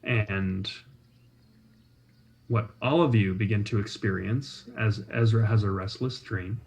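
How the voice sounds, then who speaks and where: A man narrating a tabletop game as game master, describing scenes in a measured, atmospheric way. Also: fairly low pitch, darkish tone, poor audio. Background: faint soundtrack music.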